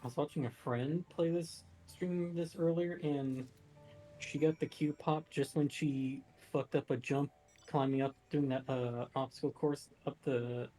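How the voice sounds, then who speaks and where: A man's voice: medium pitch, fairly even intonation, unhurried, dark tone, faint music behind, poor audio. A man chatting casually as a guest on a game stream, making dry jokes.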